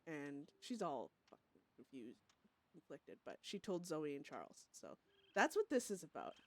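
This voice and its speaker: A woman's voice: deep voice, wildly swooping pitch, normal speed, creaky. A woman streaming a roleplay game, talking casually and emotionally, swearing, restarting sentences and often laughing and gasping. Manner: chatty, with frequent restarts and swearing. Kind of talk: casual live-stream commentary.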